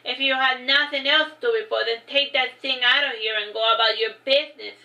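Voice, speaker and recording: A woman's voice: high-pitched, steady tone, a little fast, bright, forceful tone, heavily acted, poor audio. A woman reading as a stern grumpy duke. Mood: commanding. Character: stern grumpy middle-aged male duke.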